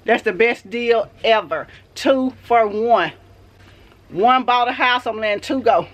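A woman's voice: a little high, measured pace. Teasing middle-aged mother joking. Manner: teasing, joyful, praises God. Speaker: vlogger's mother. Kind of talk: casual family banter. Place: house, indoors.

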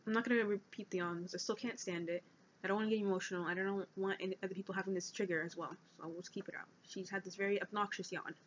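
An eighteen-year-old woman vlogging about her own life, speaking earnestly and haltingly as she reads from notes. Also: medium pitch, a bit bright, a little hiss or hum. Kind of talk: personal confessional vlog. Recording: dull lo-fi recording.

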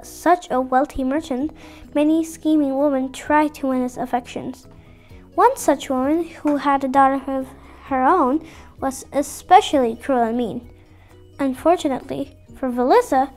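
A woman narrating a fairy tale as a bedtime storyteller for children, clear and expressive. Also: high-pitched.

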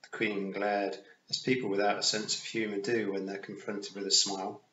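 A man reading a novel aloud in an expressive, lively storybook narration. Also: lowish voice, normal speed, slight background noise. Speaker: audiobook reader. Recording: roomy, dull home recording.

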